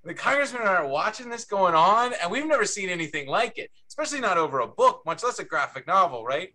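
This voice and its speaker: Man, co-author, panel storyteller, high voice, bright tone. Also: quick pace. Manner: animated, chatty, with restarts. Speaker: book co-author.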